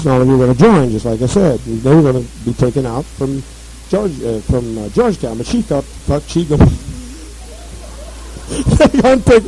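Casting: a man, husky and mellow, slightly high pitch, amused retelling. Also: rough recording. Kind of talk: casual chat.

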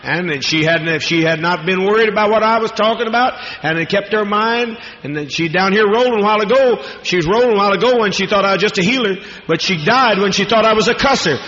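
A man's voice: high voice, quick pace, few pauses, pushed and bright. A man preaching a fiery, profane, rambling sermon to a congregation in a large hall. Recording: echoey hall, dull lo-fi archival tape.

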